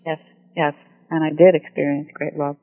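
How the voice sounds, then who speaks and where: A woman calls in to a radio show, her soft, hesitant speech thick with emotion. She comes through a narrow, tinny phone line. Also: sits low, flat delivery, moderate pace. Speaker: caller. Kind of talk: call-in conversation.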